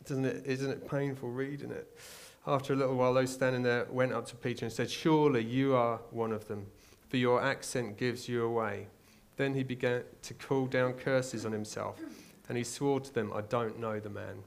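A man's voice: mid-range voice, fairly even intonation, normal speed, creaky, hardly any pauses. A man with an English accent preaching a sermon in a conversational, searching way, retelling a story and asking the listeners rhetorical questions. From England.

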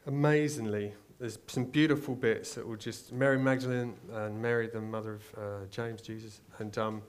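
A man's voice: fairly low pitch, fairly even intonation, normal speed. A man with an English accent preaching a sermon in a conversational, searching way, retelling a story and asking the listeners rhetorical questions. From England.

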